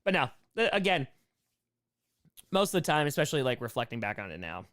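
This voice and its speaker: A young man with a hoarse voice, reading chat questions on a casual live-stream Q&A, jokey and fond of repeating short phrases. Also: medium pitch, big pitch swings, a little fast, a bit bright.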